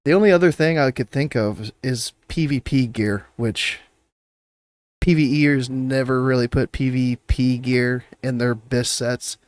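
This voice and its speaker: A man co-hosting a casual podcast chat, relaxed, often acting out what other people said to him. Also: mid-range voice, a little slow, no echo. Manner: relaxed, acts out other people's replies with a shift in voice. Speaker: podcast co-host.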